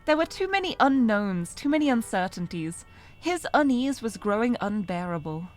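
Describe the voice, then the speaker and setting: A woman's voice: fairly high pitch, sing-song, normal speed. A woman streamer reading a story game aloud, narrating expressively and breaking off to laugh and comment.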